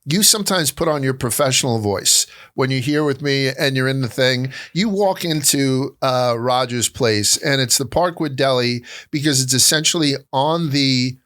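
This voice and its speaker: A man hosting a casual interview. He talks bluntly, swears often and breaks into loud impressions of other people. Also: mid-range voice, normal speed, few pauses. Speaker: podcast host.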